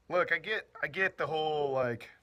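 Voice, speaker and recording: A man's voice: a little high, bright, forceful tone. A man casually joking his way through an explainer, laughing and acting out bits in silly voices. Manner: goofy, laughing, slangy, acts out bits in voices. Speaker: off-grid living vlogger.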